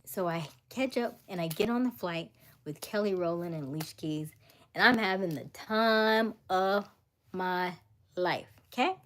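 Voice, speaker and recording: A woman hosting a livestream, telling a story in a casual, animated way with frequent laughter. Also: on the low side, a little slow. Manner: animated, laughing, acts out voices. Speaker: livestream host.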